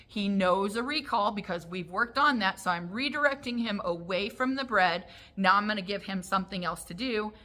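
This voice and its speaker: A woman gives a dog training lesson in a clear, bright voice. She explains step by step in a practical, friendly teaching tone and acts out the calls she would use with a dog. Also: on the low side. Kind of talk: instructional talk.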